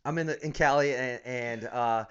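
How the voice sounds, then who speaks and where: A man's voice: mid-range voice, normal speed, a bit bright, clear, resonant tone, lo-fi sound. A man who coaches fighters, chatting casually and profanely, telling stories with frequent laughs. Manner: profane, storytelling, laughs often. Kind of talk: casual podcast chat.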